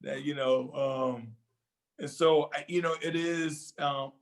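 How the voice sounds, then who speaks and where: A man's voice: on the high side, fairly even intonation, measured pace, poor audio. An older man in casual talk show conversation, speaking reflectively and hesitantly with many fillers.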